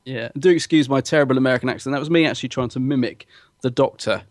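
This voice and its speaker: A man co-hosting a podcast in easy, enthusiastic chat, laughing often. His voice sits mid-pitched. The sound is dry and close. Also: fast talker, no echo. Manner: chatty and enthusiastic, laughs easily, many restarts. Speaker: podcast co-host. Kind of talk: casual chat.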